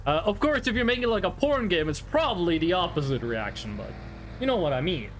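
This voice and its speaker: A young man from Norway with a Norwegian accent speaks in a high, sing-song voice at a brisk clip, with a faint hiss or hum in the audio. He's streaming a game and chatting casually with his viewers, rambling, joking, and answering their messages.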